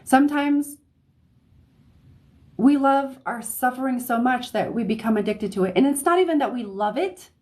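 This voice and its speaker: A woman giving a live-streamed tarot reading, talking in a chatty, easygoing way, often checking in with "okay?" and laughing softly between phrases. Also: sits high, normal speed. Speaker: psychic reader. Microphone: phone or desk mic on livestream.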